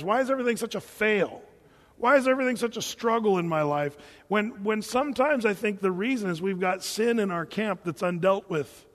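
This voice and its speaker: A man teaching through a Bible chapter as a pastor, conversational and animated, acting out the quotes. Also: high voice. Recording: long hall reverb.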